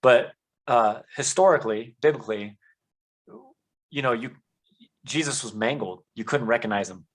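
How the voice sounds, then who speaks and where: A man's voice: medium pitch, moderate pace, long pauses, low-quality recording. A man earnestly telling his life story as a podcast guest, with many "um"s and "you know"s. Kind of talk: conversational testimony.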